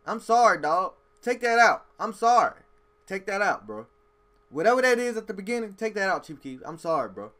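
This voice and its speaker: Guy doing a music reaction, highish voice, really animated, lots of bro and slang. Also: a little fast. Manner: animated, emphatic street slang, says "bro" often. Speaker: music reaction video host. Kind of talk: casual reaction commentary.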